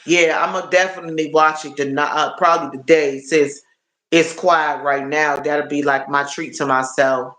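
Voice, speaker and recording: A man's voice: on the high side, fairly even intonation, normal speed, pushed and bright. A man chatting casually on a live stream, rambling and repeating his words as he talks to viewers. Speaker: livestreamer. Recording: roomy echo.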